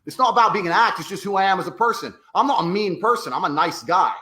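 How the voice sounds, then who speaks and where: A man's voice: high voice, expressive, fast, sharp tone. Brash, profane man in a roomy echo. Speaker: podcast guest. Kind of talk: blunt podcast talk.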